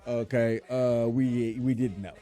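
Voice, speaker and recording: A man's voice: medium pitch, steady tone, a little slow, mellow. A man hosting a casual podcast chat, exasperated and rambling, often repeating himself. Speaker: podcast host.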